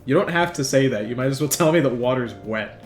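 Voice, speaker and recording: A man's voice: mid-range voice, expressive, quick pace. A man playing a game and talking over it with crude jokes and lots of swearing. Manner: crude, joking, swears a lot. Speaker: let's player. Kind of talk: gaming commentary.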